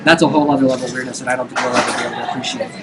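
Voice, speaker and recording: A man's voice: mid-range voice, very fast, poor audio. A man chatting casually as a guest on a live stream, telling stories animatedly and acting out what people said. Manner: animated storyteller, acts out quoted lines. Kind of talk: casual chat.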